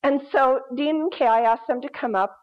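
A woman pastor delivers a sermon full of storytelling in a high-pitched, hoarse voice that is still recovering, speaking at a moderate pace. She's conversational and emphatic, using many fillers. The recording is dull and lo-fi.

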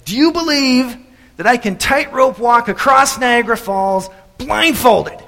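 Pastor putting on a cocky daredevil guy, high and loud, big echoey hall. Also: animated, measured pace, a little hiss or hum, heavily acted. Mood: challenging. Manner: loud, rising, challenging questions. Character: bold showman daredevil man challenging a crowd.

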